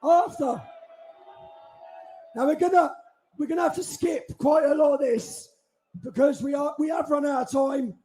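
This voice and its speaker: A man giving a forceful, indignant speech to a crowd at an outdoor street rally. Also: extremely high pitch. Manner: forceful, indignant, drawn-out delivery. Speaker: rally speaker.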